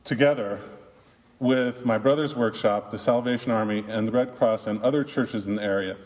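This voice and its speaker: A man who is a minister, preaching a sermon in a slow, deliberate way with long pauses, in what sounds like a church. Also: fairly low pitch, a little mellow. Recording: long reverb of a large hall.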